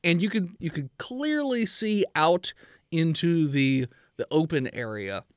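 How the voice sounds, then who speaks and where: A man guides his players through a tabletop adventure, his voice a little high and full of movement. He hesitates with ums and uhs as he describes the scene. The sound is close and dry. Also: a little slow, no echo. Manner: animated, hesitant with fillers, shouts NPC lines. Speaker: dungeon master. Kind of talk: narrating a tabletop game.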